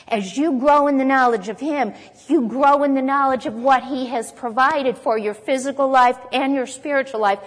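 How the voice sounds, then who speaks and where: A woman teaching a Bible lesson, emphatic, repeating key points and reading scripture aloud. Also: fairly high pitch. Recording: long hall reverb.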